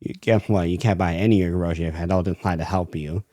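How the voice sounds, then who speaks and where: A man playing a tired female cashier who has had enough. She lays down a quick, clipped warning in his own low, mellow voice, close and dry. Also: fairly even intonation, dry recording. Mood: stern. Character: fed-up young female cashier, firm.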